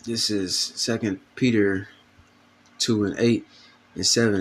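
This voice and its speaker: A man's voice: lowish voice, steady tone, slow. A man giving an informal video sermon, casual and profane, full of fillers, reading scripture aloud between comments. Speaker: preacher.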